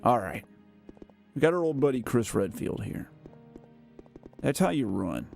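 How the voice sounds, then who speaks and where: A man's voice: mid-range voice, big pitch swings, a little slow, vocal fry, darkish tone, faint music behind. A man hosting a casual gameplay livestream, rambling and self-mocking as he chats, tired and worn out. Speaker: gaming livestream host. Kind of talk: casual live gameplay chat.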